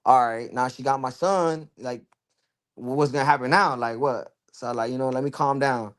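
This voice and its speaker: A man's voice: medium pitch, moderate pace. A young man, a podcast guest telling his own story in a loose, candid way, full of "you know" and "bro". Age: young adult. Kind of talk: casual storytelling in a podcast interview.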